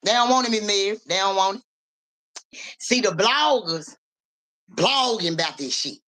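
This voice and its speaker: A mid-range, expressive female voice, slightly slow and fairly bright. She livestreams casually as a psychic reader, speaking profane street slang, addressing viewers by name, repeatedly asking "you hear me," and occasionally coughing and clearing her throat.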